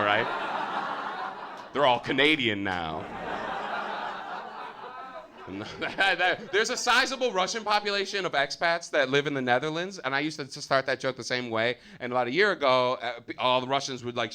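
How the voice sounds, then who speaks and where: Loud, lively American comedian. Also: male voice, medium pitch, slight background noise. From United States. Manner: loud, profane, lots of filler uhs. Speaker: stand-up comedian. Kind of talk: live stand-up comedy. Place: comedy theater stage.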